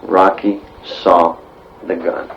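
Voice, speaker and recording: A man's voice: low-pitched, flat delivery, takes it slowly, creaky, a crowd in the background. A man giving terse answers in an archived police interview. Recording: dull lo-fi archive tape.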